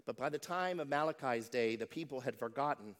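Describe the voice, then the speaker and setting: A man's voice: medium pitch, brisk, fairly bright tone. Man preaching a sermon. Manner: storytelling preacher, acts out quoted voices. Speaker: pastor.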